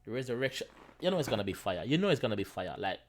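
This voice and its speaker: A man's voice: medium pitch, racing. Jamaican man hosting a reaction channel. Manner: animated, mixes patois, laughing, repeats himself. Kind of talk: casual reaction commentary.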